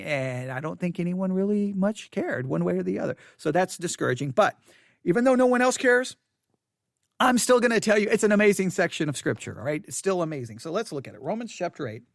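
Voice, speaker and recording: A man preaching a verse-by-verse Bible study sermon as pastor, candid and self-deprecating, breaking into excited high exclamations. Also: fairly quick, creaky, dry recording, studio quality. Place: church.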